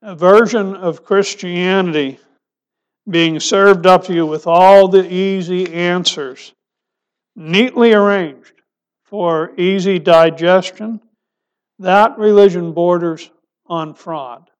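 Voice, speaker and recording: A male pastor preaching a sermon, asking rhetorical questions and dropping his voice soft for emphasis. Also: high voice, fairly even intonation, slow, clean tone.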